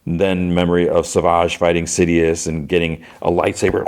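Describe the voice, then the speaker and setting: A podcast host with a very low voice retells a show scene by scene. He talks casually and rambles, leaning on fillers and "he's like". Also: level tone, normal speed, darkish tone, clear, resonant tone. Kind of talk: casual episode recap.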